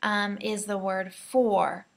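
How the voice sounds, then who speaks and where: An American woman teaching English pronunciation, slowly modelling words and phrases for learners to repeat. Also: mid-range voice, steady tone, gravelly. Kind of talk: pronunciation lesson.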